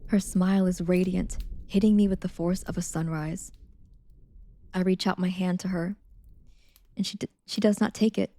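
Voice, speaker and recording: A woman livestreaming, chatting casually with her viewers and reading a novel aloud, soft-spoken and slipping into whispers now and then. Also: fairly low pitch, steady tone, normal speed. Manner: chatty with viewers, reads steadily.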